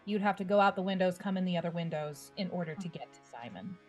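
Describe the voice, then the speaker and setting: Woman calmly narrating as game master. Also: on the low side, fast talker, soft background music.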